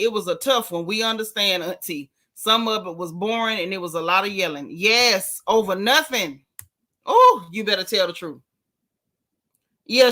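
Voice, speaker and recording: A woman hosting a live stream, chatting bluntly and sassily about a reality show and thanking viewers. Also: a little high. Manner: sassy, blunt, animated gossip. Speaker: show recap host. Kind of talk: casual live-stream chat.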